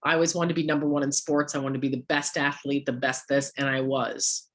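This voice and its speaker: A woman with a hoarse, worn-out voice giving a motivational coaching talk to a sales team, firing off rhetorical questions at her listeners. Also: extremely low pitch, flat delivery, brisk.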